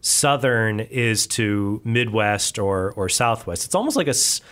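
A man hosting a podcast, chatting casually with a guest and joking in quick asides. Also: lowish voice, a bit bright. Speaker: podcast host. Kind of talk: casual interview chat.

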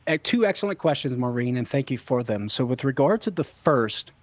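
A man's voice: medium pitch, expressive, brisk, no room sound, lo-fi sound. A man with children, answering callers' questions on a call-in show in an earnest, teaching manner, repeating words for emphasis. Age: young adult to middle-aged, a father. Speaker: guest theologian answering callers.

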